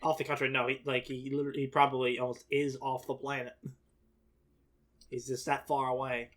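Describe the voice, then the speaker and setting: A man's voice: medium pitch, little pitch movement, fairly quick, a bit bright. A man chatting casually as a reaction co-host, rambling and defensive and often restarting his sentences. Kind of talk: casual chat.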